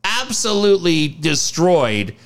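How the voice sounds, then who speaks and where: A male podcast co-host with a gravelly edge, talking sports in a casual, blunt, profane way. His pitch sits a little high and swings widely as he gets going. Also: sing-song, slow.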